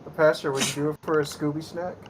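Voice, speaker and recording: A man's voice: a little high, level tone, fast, crowd noise, low-quality recording. A man in casual voice-call chat, playfully goading a friend.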